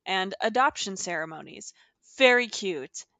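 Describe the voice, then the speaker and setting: A woman's voice: medium pitch, animated, unhurried, sharp tone, no echo. A woman co-hosting a podcast in casual chat, laughing easily and swearing now and then. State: throat a bit dry, slight vocal fry. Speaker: podcast co-host.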